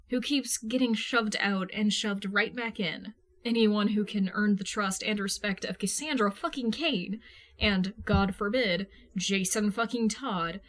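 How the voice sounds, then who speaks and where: A woman reading fan fiction aloud in a casual, lively manner, swearing freely. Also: mid-range voice. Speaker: podfic reader. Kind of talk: fan fiction audiobook narration.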